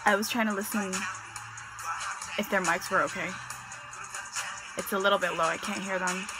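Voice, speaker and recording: A woman hosting a reaction video, gushing and gasping with excitement as she comments. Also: medium pitch, moderate pace, low-quality recording. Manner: gushing, gasping, squealing names. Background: loud performance music.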